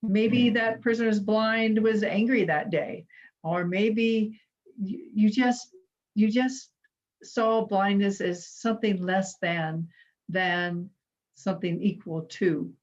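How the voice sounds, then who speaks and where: A woman's voice: medium pitch, fairly even intonation, takes it slowly, muffled recording. A woman giving a conversational inspirational talk, a chatty and humorous storyteller. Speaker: inspirational speaker at a spiritual center.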